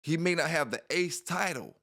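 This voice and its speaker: Rambling man with a higher voice. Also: lively intonation, moderate pace, gravelly, bright, forceful tone. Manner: rambling, repeats himself, frequent "you know". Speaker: dog channel host. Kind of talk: casual spoken monologue.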